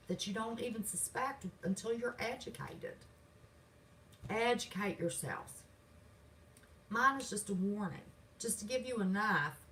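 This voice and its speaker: Sassy Southern woman hosting a home livestream, folksy and defiant, pitch swings a lot. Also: bright, forceful tone, far from the mic, slight background noise, poor audio. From West Virginia. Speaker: channel host. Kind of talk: livestream chat reading comments. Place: home, indoors.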